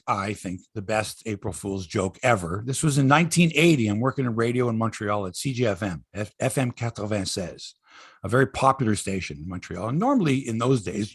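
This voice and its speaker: A man in his sixties hosting a sports podcast, telling stories in a casual, animated way and acting out quotes. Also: medium pitch, husky, no room sound, studio quality. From Canada. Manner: animated storyteller, acts out quotes, swears freely. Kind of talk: casual sports chat and storytelling.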